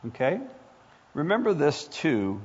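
A man's voice: on the high side, big pitch swings, unhurried. A male pastor preaching a sermon with impassioned build-ups and rhetorical questions. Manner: impassioned, rising to near-shouts, rhetorical questions. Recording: echoey hall, dull lo-fi sound.

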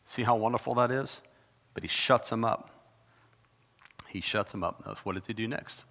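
A man preaching a sermon in a dramatic, conversational way, with sudden bursts of loud emphasis. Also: lowish voice, normal speed, pauses often. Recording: long reverb of a large hall.

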